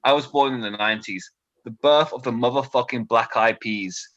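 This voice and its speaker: A man's voice: mid-range voice, moderate pace, no echo, dull audio. Young British man doing stand-up. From Britain. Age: 20s. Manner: deadpan one-liners, nervous asides to a quiet crowd. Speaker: stand-up comedian. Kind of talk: stand-up set.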